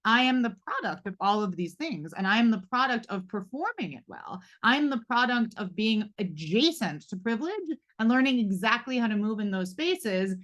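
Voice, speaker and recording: A woman's voice: a little high, big pitch swings, normal speed, few pauses, a bit bright. A woman in her forties moderating a live roundtable, talking reflectively with many fillers and asides. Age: 40s. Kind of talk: live panel discussion.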